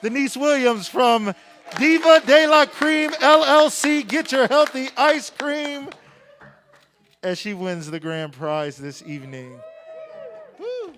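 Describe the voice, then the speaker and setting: A man's voice: very high voice, lively intonation, slow, fairly bright tone. A man emceeing a live awards night on a handheld microphone, joking with and hyping up the crowd. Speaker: event emcee. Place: event hall stage.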